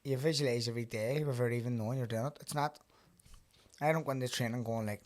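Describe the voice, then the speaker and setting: A young man hosting a podcast in a relaxed, easygoing way. He's a boxer who drops swear words casually and spins stories from the ring. His voice sits at an ordinary, middling pitch. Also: fairly quick. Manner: laid-back, swears freely, tells stories. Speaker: podcast host and pro boxer.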